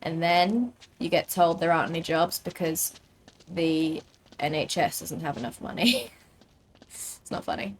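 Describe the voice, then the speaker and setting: A woman's voice: deep voice, unhurried, slight background noise. A young British woman streaming a game, chatting casually and rambling with lots of fillers. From United Kingdom. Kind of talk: casual gaming chat.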